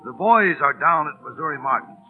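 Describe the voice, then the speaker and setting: An actor plays a calm older judge who speaks soothingly and a little hesitantly, with a lively rise and fall. He comes through a scratchy 1930s radio broadcast with faint music. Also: fairly high pitch, fairly quick, narrow, tinny audio, close to an everyday voice.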